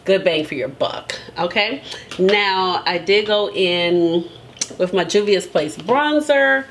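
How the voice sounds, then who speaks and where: A woman's voice: on the low side, slow pace, a little hiss or hum. A woman beauty vlogger talking casually and emphatically to her viewers, laughing often and tagging her points with "okay?". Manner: chatty and emphatic, tags lines with "okay?"; laughs often between remarks. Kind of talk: casual chat.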